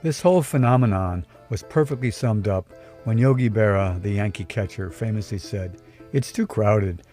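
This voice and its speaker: A man's voice: fairly low pitch, normal speed, warm tone, faint music behind. A man narrating a scripted first-person story in a dry, wry tone, recorded on a close mic. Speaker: storyteller, podcast host.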